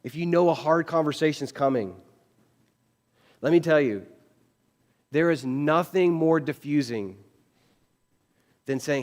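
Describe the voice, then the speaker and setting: A man's voice: a little high, a little slow, long pauses, big-room sound. A man preaching a casual, conversational sermon as pastor, acting out bits of everyday dialogue. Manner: chatty, animated, acts out quoted dialogue. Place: church sanctuary.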